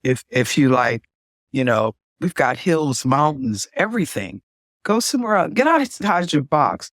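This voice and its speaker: A woman's voice: sits low, very animated, a little slow, no echo, studio quality. A woman co-hosting a podcast in casual chat, emphatic and chatty with folksy asides. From United States. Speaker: podcast co-host and singer.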